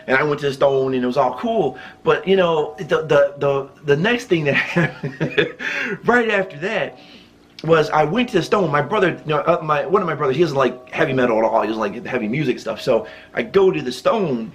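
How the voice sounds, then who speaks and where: A channel host tells a loose, rambling story on his own vlog, chuckling often and making many restarts and fillers along the way. His voice is on the high side, fairly quick, with lively intonation.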